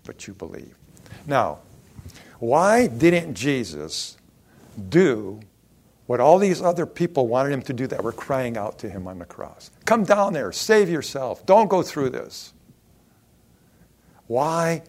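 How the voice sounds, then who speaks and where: A male pastor delivers a sermon at an unhurried, deliberate pace. His voice sits in a middle pitch, and he acts out the mockers' taunts. He swings between loud outbursts and quiet lines. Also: slightly rough.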